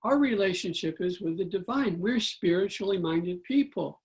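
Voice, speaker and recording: A man giving a spiritual talk about money, telling stories with animated acted-out quotes. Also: high voice, normal speed. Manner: animated storyteller, acts out quotes. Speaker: guest speaker.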